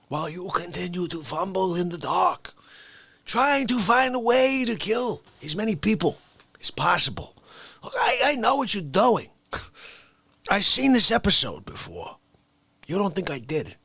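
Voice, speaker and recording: A male host chats with his live audience in a rambling, soft-spoken way. His voice is gravelly and husky. The sound is dry and close. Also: fairly high pitch, no echo. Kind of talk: casual chat.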